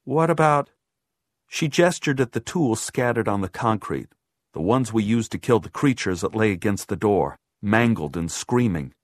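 A man reading a first-person horror audiobook, measured, dropping low and quiet on grim lines. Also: animated, dry recording, studio quality. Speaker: audiobook narrator.

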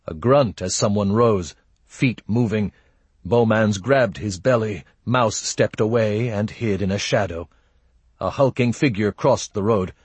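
Low, husky male audiobook narrator. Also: dry recording. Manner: steady, measured reading.

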